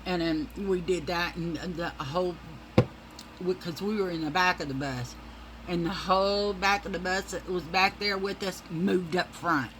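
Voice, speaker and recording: A woman's voice: on the low side, moderate pace, noisy background. A middle-aged woman, telling rambling, profane stories in a casual monologue and calling her listeners y'all.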